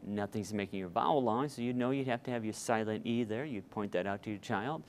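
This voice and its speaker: A man's voice: fairly low pitch, a little fast, a little hiss or hum. A middle-aged man, a reading tutor, explaining step by step to parents in a patient instructional talk with some fillers.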